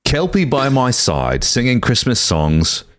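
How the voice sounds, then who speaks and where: A man's voice: mid-range voice, huge pitch swings, unhurried, a bit bright, pitched above the performer's own voice. A man putting on a drawling Australian bloke. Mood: playful. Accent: put-on Australian. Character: man reading a carol in a put-on Australian accent.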